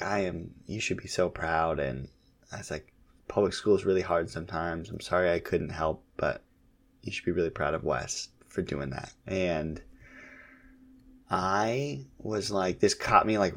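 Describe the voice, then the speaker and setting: A podcast co-host in his thirties chats casually about his kids, relaxed and rambling, with lots of fillers. His voice sits low and moves at a moderate pace.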